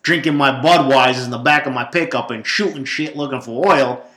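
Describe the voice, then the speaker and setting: Man putting on a loud Texan hillbilly guy, mocking drawl, a touch high and loud, echoey room. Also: brisk, close to an everyday voice.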